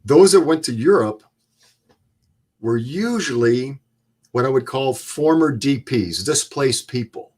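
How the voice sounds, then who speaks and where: A man in his seventies, a guest, telling stories in a plain-spoken, measured way. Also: medium pitch, animated, a little mellow. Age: 70s. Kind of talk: storytelling interview.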